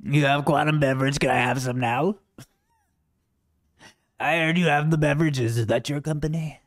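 A man's voice: fairly high pitch, steady tone, moderate pace, no room sound, clean studio sound. A man giving rambling, sarcastic livestream commentary, mocking and wandering off topic.

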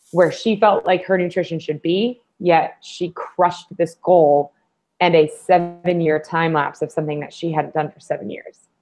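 Lively low-voiced woman on a panel. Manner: animated, acts out quoted voices. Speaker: fitness panelist. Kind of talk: casual panel discussion. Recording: slightly dull lo-fi audio.

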